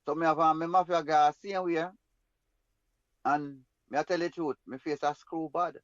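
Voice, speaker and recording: A man's voice: on the high side, fairly even intonation, normal speed, fairly bright tone, no room sound, dull audio. A man with a Jamaican accent telling a personal story in an emphatic, rambling way in patois. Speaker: guest storyteller.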